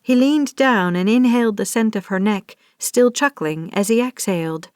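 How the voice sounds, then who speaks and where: Woman narrator, audiobook reading, middle pitch, dry studio sound. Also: normal speed, smooth, no room sound. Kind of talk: scripted narration.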